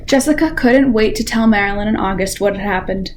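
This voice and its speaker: A teenage girl volunteer reading a children's picture book aloud with expressive storytelling. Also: medium pitch, brisk, a little hiss or hum. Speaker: library volunteer reader.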